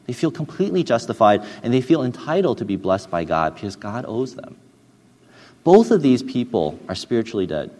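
A man preaching a sermon in an earnest, hesitant way, often restarting and dropping soft and low when he tells a story. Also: very animated, brisk. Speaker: pastor. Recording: long hall reverb.

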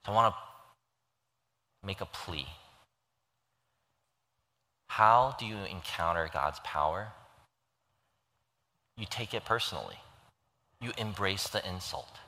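A man's voice: fairly low pitch, sharp tone. A man preaching a sermon in earnest, pleading tones, retelling a story and acting out its voices. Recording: long hall reverb.

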